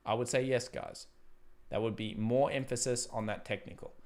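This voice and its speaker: A man's voice: medium pitch, fairly even intonation, moderate pace, a little mellow. Casual man commenting live on stock charts. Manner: casual, thinking aloud over charts; reads out viewer donations and thanks them. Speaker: trading stream host.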